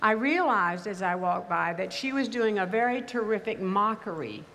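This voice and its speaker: An older woman with a mild Texas accent, giving a commencement speech in a measured, wry storytelling manner. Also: medium pitch, animated, fairly bright tone. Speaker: commencement speaker. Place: large ceremony venue. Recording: reverberant hall, faint ambience.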